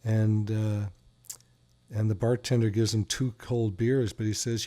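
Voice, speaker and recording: Here the voice is a man's, fairly low and steady, a little mellow, and never in a hurry. He's a radio host and doctor, and he keeps things light on his talk show, trading jokes, spinning stories and playfully ribbing his co-host.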